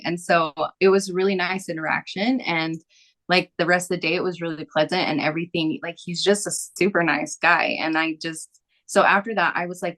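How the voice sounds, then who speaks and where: A woman's voice: on the low side, steady tone, fairly quick, a bit bright. A young adult woman, a massage therapist, telling a story casually as a podcast guest, rambling with lots of filler words.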